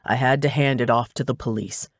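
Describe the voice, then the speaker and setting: A man's voice: medium pitch, steady tone, a little fast, dry recording, close to an everyday voice. A man voicing a dry, teasing male private investigator in a cozy mystery audiobook. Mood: matter-of-fact. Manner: matter-of-fact, teasing. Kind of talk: audiobook dialogue.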